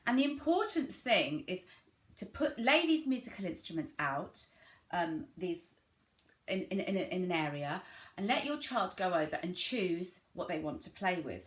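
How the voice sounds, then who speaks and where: A woman giving a gentle instructional talk to parents, demonstrating play ideas and modelling simple words in an exaggerated sing-song way. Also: on the low side, sing-song, normal speed. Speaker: family centre early years practitioner. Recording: echoey room with clear background noise.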